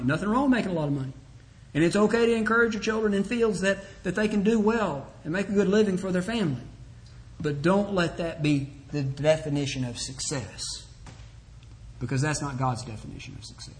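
A male preacher with a somewhat high voice delivers an earnest sermon. He exhorts his listeners directly and weaves in scripture readings and small acted exchanges. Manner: earnest, exhorting, quotes scripture and acts out short dialogues.

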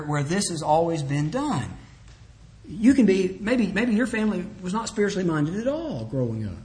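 A male preacher with a somewhat high voice delivers an earnest sermon. He exhorts his listeners directly and weaves in scripture readings and small acted exchanges. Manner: earnest, exhorting, quotes scripture and acts out short dialogues.

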